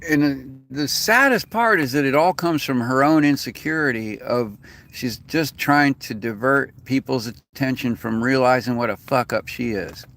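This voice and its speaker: A man's voice: mid-range voice, moderate pace, fairly bright tone. A man venting in a rambling, profane, casual rant as a vlogger. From United States.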